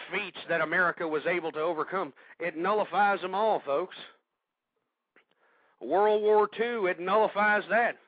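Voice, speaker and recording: An older man hosting call-in talk radio, ranting in angry shouts and panting heavily between tirades. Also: high-pitched, dry recording, dull audio. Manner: angry shouting tirades, then heavy-breathing grumbling. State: out of breath. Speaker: radio talk show host.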